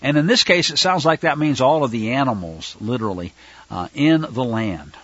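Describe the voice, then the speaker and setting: Man teaching scripture, bright husky voice, goes from chatty asides to fired up. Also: medium pitch, expressive, moderate pace, no room sound, highs cut off. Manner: fervent, rises to loud denunciation; conversational asides to listeners. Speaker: fellowship teacher.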